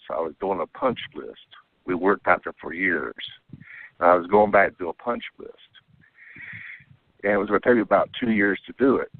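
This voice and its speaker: A man's voice: sits low, no room sound. A man calling in to tell a rambling first-person story, often checking in with "okay?" and "you know". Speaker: caller telling an abduction story. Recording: tinny phone line, dry.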